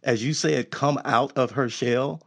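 A male interview host with a gravelly, creaky edge to his voice. He speaks in a conversational, encouraging way, often reflective and full of fillers. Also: medium pitch, fairly even intonation, measured pace, a bit bright.

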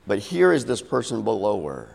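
A man's voice: lowish voice, wildly swooping pitch, moderate pace, vocal fry, darkish tone. A middle-aged man preaching a sermon, telling a story and acting out its voices with big swings. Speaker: pastor. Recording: long hall reverb.

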